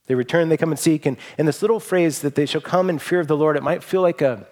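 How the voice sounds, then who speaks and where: A man preaching a sermon as pastor, in an earnest and emotional way, often restarting his words and letting his phrase endings trail off softly. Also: a little high, fast.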